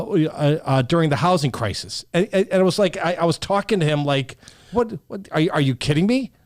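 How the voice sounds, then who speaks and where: A man, a mortgage professional on a talk show, telling an animated story with emphatic repeats. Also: on the high side, dry recording, clean studio sound. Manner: emphatic, repeats himself, acts out quotes.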